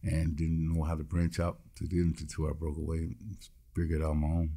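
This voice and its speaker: A man's voice: a bass voice, completely flat delivery, fast, warm tone. A man, a musician guest in an interview, telling his story bluntly and acting out the voices of the people in it. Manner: blunt, swears freely.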